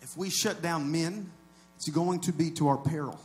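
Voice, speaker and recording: This pastor talks through his sermon conversationally with the congregation, alternating low asides with loud, shouted crescendos, all at a normal speed.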